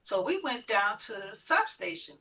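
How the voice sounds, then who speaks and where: A woman's voice: medium pitch, very animated, moderate pace, bright, forceful tone, slightly rough, recorded from a distance, low-quality recording. A woman guest telling her own story, vividly playing out the voices in it. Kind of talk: personal storytelling.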